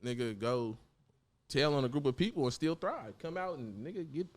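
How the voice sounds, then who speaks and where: Guesting in a laid-back interview, this young Oakland, California rapper talks at a moderate pace with a medium-pitched voice. His storytelling is loose and lively, peppered with slang and acted-out quotes.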